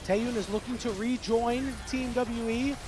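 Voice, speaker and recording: A man doing play-by-play commentary as an esports caster, with fast, excitable calls that swing to shouting. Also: very high voice, over music.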